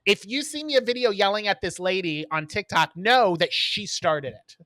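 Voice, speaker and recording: A man co-hosting a podcast in casual chat, telling stories in an animated way and acting out what people said. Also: sits high, moderate pace, dry recording. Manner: animated storyteller who acts out quotes. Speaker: podcast co-host.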